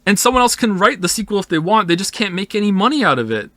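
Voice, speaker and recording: A man's voice: sits high, big pitch swings, fast talker, sharp tone, no room sound. A man streaming casually, rambling and swearing as he answers chat, sometimes acting out imagined voices. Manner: rambling, profane, emphatic; acts out imagined voices in quotes. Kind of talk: casual chat responding to viewers.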